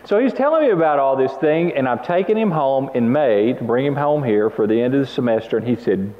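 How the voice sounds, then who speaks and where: A man preaching a sermon, telling stories with lively emphasis and asking the congregation to repeat after him. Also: a little high, normal speed. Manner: animated storytelling, laughs, calls for audience response. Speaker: pastor. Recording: muffled sound with long hall reverb.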